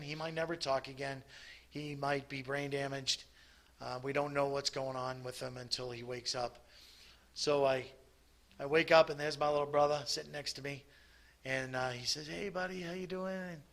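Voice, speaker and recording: A man giving a halting personal testimony at a recovery meeting, full of restarts and pauses. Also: fairly high pitch, gravelly, pushed and bright. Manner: halting, many restarts and ums.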